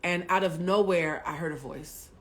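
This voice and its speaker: A woman's voice: fairly low pitch, normal speed. Blunt, profane woman from Haiti. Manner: blunt and profane, swings from loud bursts to hushed asides. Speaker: spiritual coach hosting a livestream. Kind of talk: candid livestream storytelling. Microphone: webcam or phone mic on a home livestream.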